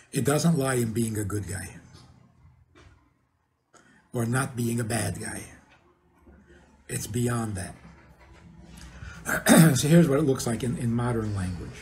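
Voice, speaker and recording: Here the same sort of scene: an elderly rabbi addressing listeners informally, his voice mid-range and a little mellow. He frequently asks questions and laughs softly at what he's just said.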